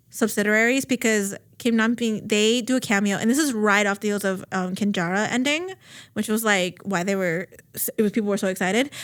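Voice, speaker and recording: A woman recapping a TV series on a podcast in casual, filler-heavy chat, swearing and acting out quotes. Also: on the high side. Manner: chatty, lots of fillers, swears, animated quoting. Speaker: podcast co-host.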